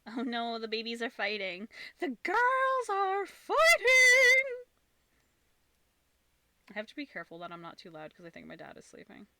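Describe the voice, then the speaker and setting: A woman streaming from an upstairs room at home, chatting casually while she crochets and laughing often, her voice slightly husky from talking. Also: medium pitch, quick pace, hardly any pauses, a bit bright, slight background noise.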